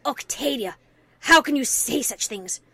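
A woman's voice: high voice, animated, a little slow, vocal fry, bright, forceful tone, husky, exaggerated voice. Woman doing a pushy older mare mother. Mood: insistent.

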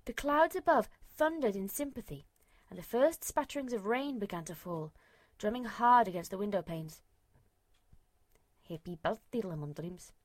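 Expressive woman reading a storybook. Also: on the high side, normal speed, no room sound. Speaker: narrator.

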